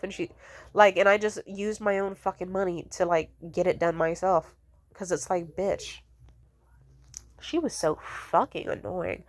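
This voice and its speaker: A woman's voice: medium pitch, steady tone, moderate pace, dry recording. A young woman ranting casually, blunt and profane, exasperated, mimicking the people she complains about.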